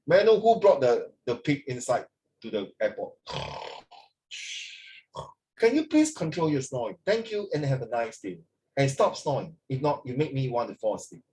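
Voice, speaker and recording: A man's voice: mid-range voice, big pitch swings, moderate pace, pauses often, mellow, lightly acted, low-quality recording. A man playing a pompous male airline captain making a mock-formal announcement. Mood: mock-stern.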